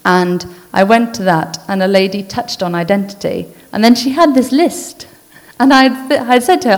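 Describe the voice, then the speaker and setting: A woman giving an informal church talk, speaking earnestly in a conversational way and then reading a list slowly and deliberately. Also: mid-range voice. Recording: long hall reverb.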